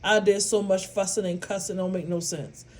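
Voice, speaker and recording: Speaking at a moderate pace with fairly even intonation, a woman with a medium-pitched, somewhat mellow voice addresses her followers casually. Her vlog monologue rambles and repeats with emphasis, broken by bursts of laughter.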